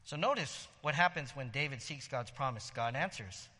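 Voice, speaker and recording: A man preaching a sermon in a lively, conversational way, with quick asides and laughter. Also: mid-range voice, big-room sound. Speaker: pastor.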